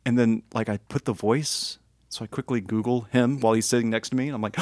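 Animated man telling a story. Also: medium pitch, brisk, dry recording. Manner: animated storyteller, acts out quotes. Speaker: podcast co-host. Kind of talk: casual chat.

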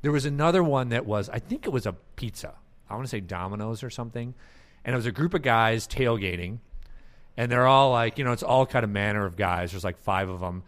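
A man hosting a casual marketing podcast, talking in an animated way and acting out ad characters with laughs. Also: mid-range voice, a little fast. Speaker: podcast host. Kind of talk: casual chat.

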